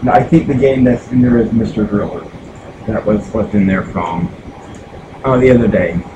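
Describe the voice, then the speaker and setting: A man's voice: lowish voice, normal speed, muffled recording, noisy background. A man from the United States chatting casually while streaming retro games, rambling with lots of fillers and restarts. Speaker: gaming streamer. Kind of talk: casual live-stream chat.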